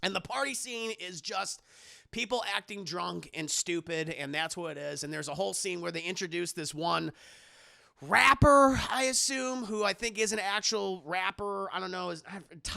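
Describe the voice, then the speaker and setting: A man's voice: high voice, normal speed, vocal fry, pushed and bright, no room sound, studio quality. A man doing a casual, profane film recap on a livestream, chatting animatedly with his viewers. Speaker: streamer.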